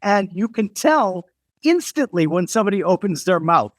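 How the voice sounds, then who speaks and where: A blunt, amused British woman designer, as a man puts her on while telling a story. She talks emphatically, in a voice set clearly higher than the teller's own, and the recording is close and dry. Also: sing-song, moderate pace, no echo. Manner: emphatic quoted retelling.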